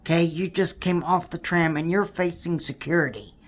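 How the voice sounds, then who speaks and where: A woman's voice: fairly low pitch, moderate pace. A woman vlogging about theme park news in casual commentary, rambling with many fillers and repeated words, sounding exasperated.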